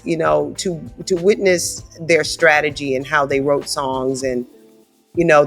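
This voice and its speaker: A woman with a big, scratchy voice, talking animatedly as a guest in a casual interview. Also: sits low. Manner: animated, conversational, frequent "right?" asides. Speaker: guest singer. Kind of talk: casual storytelling chat.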